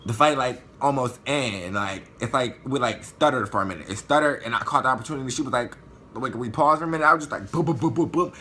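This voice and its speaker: A man telling a story in a vlog, animated and profane, acting out what people said. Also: medium pitch, fast, slight background noise. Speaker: vlogger.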